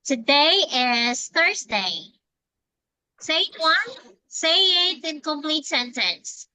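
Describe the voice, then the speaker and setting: A woman teaching English to a child over a video call, speaking slowly with repeated, encouraging prompts. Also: high-pitched, very animated, pushed and bright, no echo, poor audio. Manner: slow, repetitive, encouraging prompts. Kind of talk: online English lesson for a child.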